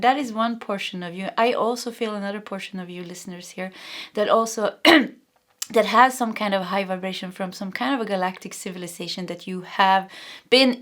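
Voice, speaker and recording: A young woman with a Swedish accent reads tarot for her viewers in a soft, heartfelt voice. She is earnest and encouraging, and her talk stops and restarts as if each thought arrives mid-sentence. Her voice sits at an everyday middle pitch. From Sweden. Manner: soft, emotional, halting with many restarts; earnest and encouraging, addressing the listener directly. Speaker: tarot reader. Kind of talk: intuitive pick-a-card tarot reading.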